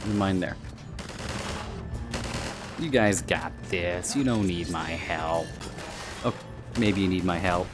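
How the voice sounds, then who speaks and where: A man's voice: deep voice, takes it slowly, pauses often. A man, an author, rambling and joking in casual commentary while he plays a VR game. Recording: game music behind.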